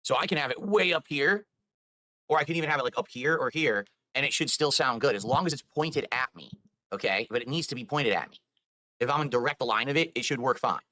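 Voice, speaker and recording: A man talks quickly with a bright, forward tone and explains himself at length, rambling and defensive. He sounds like a streamer chatting live, and his voice sits close and dry with no room sound. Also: mid-range voice, no echo. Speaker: video game streamer.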